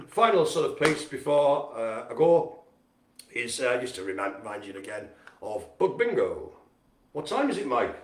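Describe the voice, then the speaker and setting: A man's voice: a little high, vocal fry, fairly bright tone, slight background noise. Chatty, jokey man hosting a live stream. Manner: chatty, jokey and self-mocking. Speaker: host of a community centre's live stream. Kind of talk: casual live-stream chat with shout-outs. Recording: roomy echo.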